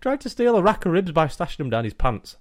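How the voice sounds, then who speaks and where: A man's voice: high-pitched, big pitch swings, fast, dry recording, studio quality. A young man co-hosting a podcast, joking crudely and matter-of-factly in casual banter. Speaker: podcast co-host.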